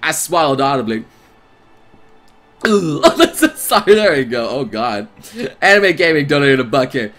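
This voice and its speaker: A man streaming a visual novel, reading its narration aloud and reacting in an excitable, jokey way. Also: a little high, unhurried, pauses often, soft background music. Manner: excitable, jokey, breaks into laughter.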